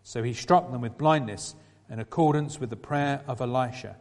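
A man's voice: medium pitch, a little mellow. Man reading scripture in a reverberant hall. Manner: measured, lifting his voice for quoted speech. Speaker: scripture reader.

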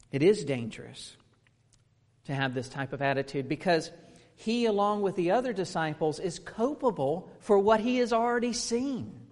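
Male preacher, thirties, high-pitched, emphatic sermon delivery with rhetorical questions, echoing hall.

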